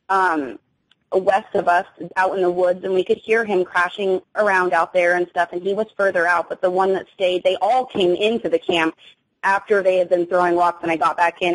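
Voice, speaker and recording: A fairly low-pitched young adult woman is heard on a low-quality recording, recounting an encounter as an interview guest. Her first-person telling is emotional, full of fillers and sentences she stops and restarts.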